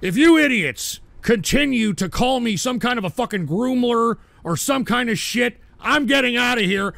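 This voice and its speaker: Guy ranting on his stream, gravelly and kinda high, flips from muttering to yelling, dry sound. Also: expressive, moderate pace, few pauses, no room sound. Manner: combative, swings from mutters to shouting. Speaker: livestream host reading chat. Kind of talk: angry livestream rant.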